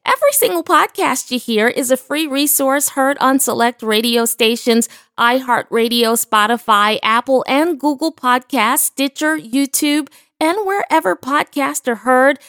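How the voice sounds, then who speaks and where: An exuberant woman delivers a devotional message as a podcast host, her voice sitting a touch high. She speaks with emphatic, praise-filled warmth of faith, recorded dry and close in a studio. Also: dry recording. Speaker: podcast host and ministry founder.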